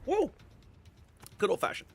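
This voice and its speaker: A man's voice: measured pace, fairly bright tone. A man streaming a video game, chatting casually with viewers and often repeating words as he thinks. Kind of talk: casual live-stream commentary.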